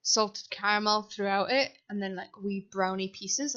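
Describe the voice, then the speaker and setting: Young woman, casual rambling voiceover, self-deprecating, mid-pitched, slightly dull desk-mic sound. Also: normal speed, a bit bright. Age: young adult. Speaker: sims builder voiceover. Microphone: desk microphone.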